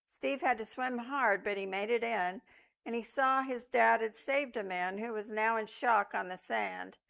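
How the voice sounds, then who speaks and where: An older woman minister giving a sermon, telling personal stories with reflection and gentle humor. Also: a little high, measured pace, vocal fry.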